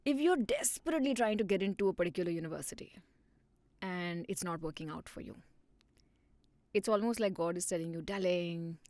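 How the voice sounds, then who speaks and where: Woman, hypnotherapist guest, expressive and animated, dry close studio sound. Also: on the low side, a little fast, no echo. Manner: animated, acts out inner dialogue. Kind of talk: podcast conversation.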